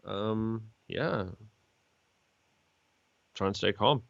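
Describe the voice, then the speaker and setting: South African male guest, thoughtful and halting, muffled dry lo-fi sound. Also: fairly low pitch, gravelly, no room sound. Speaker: guest, fellow YouTuber. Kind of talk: casual interview conversation.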